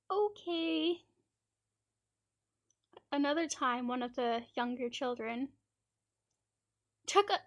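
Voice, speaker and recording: A woman's voice: sits high, a bit bright. A woman streamer from Canada telling rambling, laughing anecdotes in a casual chat and acting out children's lines.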